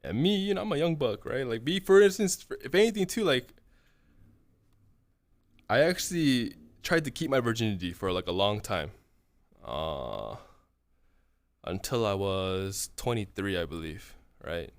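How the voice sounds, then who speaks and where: A man's voice: fairly low pitch, sing-song, measured pace, pauses often, dry recording. A young man in his twenties telling a long profane story to his chat. He rambles, swears constantly and tacks "right?" onto nearly every phrase. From California. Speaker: streamer.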